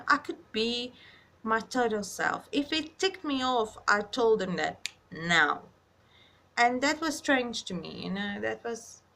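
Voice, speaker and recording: Grieving woman with a gravelly voice. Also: a little high, fairly bright tone. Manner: halting, reflective, searching for words. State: grieving, close to tears. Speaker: vlogger. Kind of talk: personal video diary.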